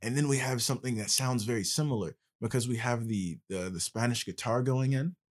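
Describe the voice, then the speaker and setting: A man's voice: medium pitch, fairly quick. A male podcast host in casual conversation, explaining at length with passion.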